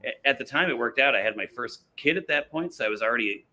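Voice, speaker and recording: A man chatting as a guest on a podcast, his voice strikingly bright and forward. He rambles through a story with plenty of fillers and self-mocking asides, loose and conversational. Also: medium pitch, lively intonation, quick pace. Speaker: brewery guest. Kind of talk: casual podcast chat.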